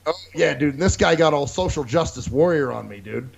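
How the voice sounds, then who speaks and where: A man's voice: a little high, lively intonation, brisk, vocal fry, slightly rough. A man co-hosting a casual podcast, telling a profane story and acting out other people's lines. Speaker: podcast co-host. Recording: dull lo-fi recording.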